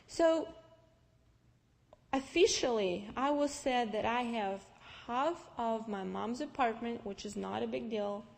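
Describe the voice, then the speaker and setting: A young woman with a Russian accent tells her faith story to listeners. Her voice sits a little high, and she animates the tale with restarts and acted-out lines. Each phrase trails off into the long, lingering reverb of a large hall. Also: slow pace, creaky, darkish tone. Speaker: speaker giving testimony. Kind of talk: personal faith testimony told to an audience.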